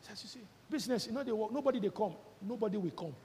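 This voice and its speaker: A male pastor preaching a sermon with fervour, shouting out scripture and quizzing his listeners. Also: high voice, lively intonation, racing, in a large hall, slight background noise. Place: church hall.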